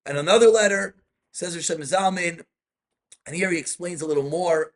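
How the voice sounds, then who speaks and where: Excitable rabbi with a high voice. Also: male voice, normal speed. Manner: reads Hebrew texts aloud and explains them, asks students questions. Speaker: rabbi teaching Jewish law. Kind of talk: in-depth study class.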